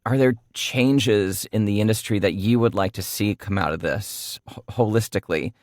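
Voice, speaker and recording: A man's voice: on the low side, moderate pace, darkish tone, dry recording, clean studio sound. A man hosting a roundtable discussion, who agrees briefly and hands the floor to each guest by name. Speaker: podcast host.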